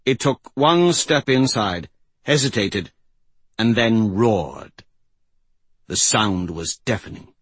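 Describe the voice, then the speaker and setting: A man narrating a fantasy audiobook in a slow, measured storytelling voice. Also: on the low side, expressive, breathy edge, no echo.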